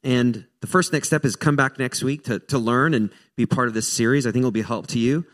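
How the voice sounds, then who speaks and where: An American pastor preaches in a relaxed, conversational way at a middle pitch for a man. He keeps restarting his sentences and wanders into self-mocking asides before he brings the talk back to the scripture. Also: brisk. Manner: casual, self-deprecating asides with frequent restarts. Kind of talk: sermon.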